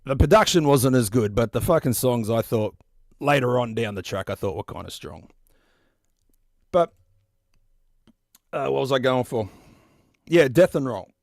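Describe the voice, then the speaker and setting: A man in his forties hosting a stream, chatting casually and profanely in a rambling, animated way. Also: medium pitch, normal speed, vocal fry, pauses often, dry recording, studio quality. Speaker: podcast host. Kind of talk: casual chat about metal albums.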